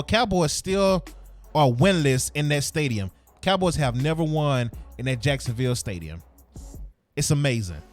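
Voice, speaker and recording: A man's voice: on the high side, dry recording. Heated, ranting sports podcast man. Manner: heated, animated ranting with slang. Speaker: podcast host.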